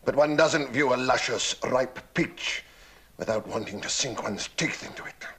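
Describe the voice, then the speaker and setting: An actor playing a lecherous, wealthy lord who speaks suavely and with innuendo, in a husky voice. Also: male voice, mid-range voice, normal speed, a bit bright.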